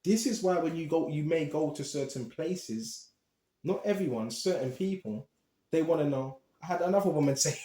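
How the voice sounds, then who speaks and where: A man preaching a Bible teaching, animated and emphatic, talking straight to his listeners. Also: fairly high pitch, moderate pace, reverberant.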